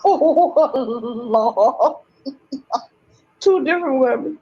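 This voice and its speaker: A woman's voice: high-pitched, expressive, drawn-out words, long pauses, a little mellow, lo-fi sound. A woman talking in an agitated, rambling monologue, emphatic and swearing often, repeating herself.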